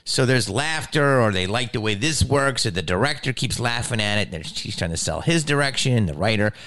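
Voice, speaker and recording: A man, an actor and comedian, telling a story in casual talk, animated and profane, acting out the people he quotes. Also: medium pitch, normal speed.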